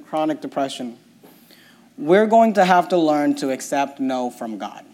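A male pastor preaching a sermon, reading scripture and swinging between quiet, slow passages and loud, impassioned ones. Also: on the high side.

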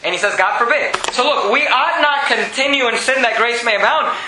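A man delivering a sermon in a strikingly high, bright voice, drawing out scripture readings and dropping low for emphasis. The room is echoey, with a little faint noise behind him. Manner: preaching with a wide swing from raised to low, drawn-out scripture reading. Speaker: preacher.

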